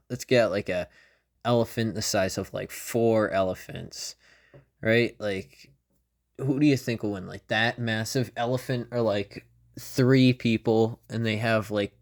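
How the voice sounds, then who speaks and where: A young man hosting a comedy podcast, rambling through a loose monologue and tagging nearly every phrase with "right?" or "you know?". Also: fairly low pitch. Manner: meandering, constant "right?" and "you know?" tags. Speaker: podcast host.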